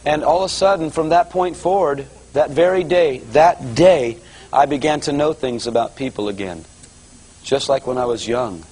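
A man's voice: on the high side, moderate pace, a little mellow, low-quality recording. A middle-aged man preaching, telling his conversion story as a testimony and speaking straight to the folks listening. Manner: storytelling, addresses folks directly. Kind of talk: testimony sermon.

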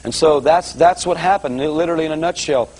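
A man's voice: on the high side, fairly quick, a little mellow, slightly rough, low-quality recording. A middle-aged man preaching, telling his conversion story as a testimony and speaking straight to the folks listening. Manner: storytelling, addresses folks directly. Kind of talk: testimony sermon.

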